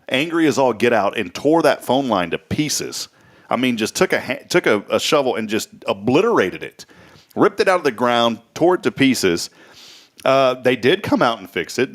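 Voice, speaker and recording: Joking man hosting a morning show. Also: on the low side. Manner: joking, rambling storyteller with quick asides. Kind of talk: casual chat.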